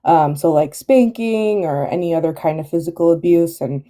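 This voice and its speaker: A woman's voice: deep voice, expressive, moderate pace, dark tone. A woman who is a therapist, calling in to a live stream with a headache, talking in a hesitant way with many fillers and restarts. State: has a headache. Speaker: guest caller. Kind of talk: casual live-stream chat.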